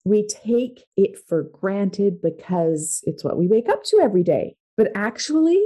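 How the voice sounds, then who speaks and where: Woman podcast host: warm-toned, enthusiastic, expressive, reflective. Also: medium pitch, a little slow. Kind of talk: casual conversational podcast talk.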